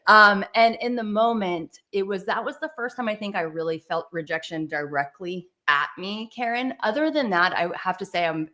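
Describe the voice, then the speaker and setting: A young woman with a Southern American accent, telling stories as a guest on a video-call interview, animated and quick to laugh, with restarts. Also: medium pitch. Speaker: guest speaker, dance teacher. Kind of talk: conversational interview storytelling. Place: virtual event, video call. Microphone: video call microphone.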